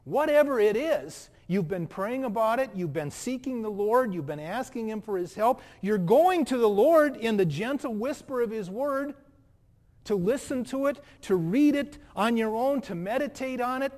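A male pastor with a fairly high voice delivers an earnest sermon, rising to loud emphasis and then dropping to a hush. His words ring out with the long reverb of a big church hall. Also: lively intonation, normal speed. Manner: earnest, swings between loud emphasis and hushed soft passages.

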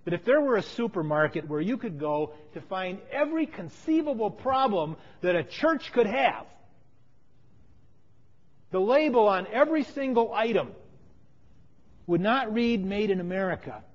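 A man with a fairly high voice preaches a sermon, mixing a personal story with scripture. He leans into key lines and then falls quiet. The recording is muffled, with a long reverb trailing off the walls. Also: lively intonation, a little slow, long pauses. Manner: storytelling, emphatic, drops to quiet phrases. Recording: dull sound with long hall reverb.

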